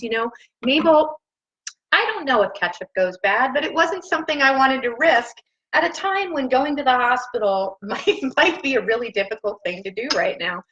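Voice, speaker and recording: A woman with a high voice and sharp tone chats casually with viewers on her home cooking live stream, bubbly, gushing and laughing often in her kitchen. The laptop on the counter produces a muffled recording.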